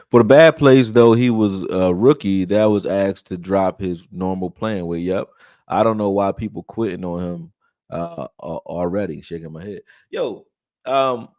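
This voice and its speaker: A man with a fairly low voice hosts a live sports stream and chats in a loose, way, now and then reading viewer comments aloud. The sound is dry and close, with no room around it. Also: darkish tone, dry recording. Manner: loose, conversational, reads viewer chat aloud. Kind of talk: casual live-stream film breakdown.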